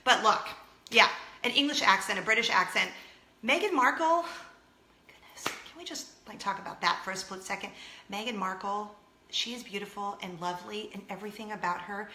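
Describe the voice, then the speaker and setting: A woman's voice: medium pitch, fairly quick, bright, forceful tone, reverberant, a little hiss or hum. A woman in her thirties hosting a chatty vlog, gushing and talking straight to her viewers. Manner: bubbly, gushing, talks to viewers directly. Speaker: vlog host.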